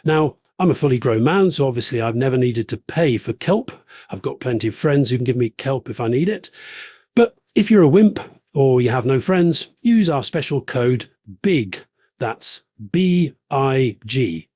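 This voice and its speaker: A pompous jet-setting podcast host played by a man, smug and rambling as he drops big names and brags about his money. The voice sits at an ordinary middle pitch. The sound is dry and close, with no room around it. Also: lively intonation, moderate pace, warm tone, no room sound, natural voice. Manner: boastful, name-dropping, rambling. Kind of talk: satirical podcast parody.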